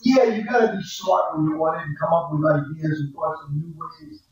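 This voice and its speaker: A man's voice: fairly high pitch, steady tone, brisk, a little mellow, far from the mic. Blunt man lecturing in an echoey hall. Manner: blunt, conversational, acts out client quotes. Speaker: accounting professor. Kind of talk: classroom lecture. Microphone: far from the mic. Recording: echoey classroom recording from afar.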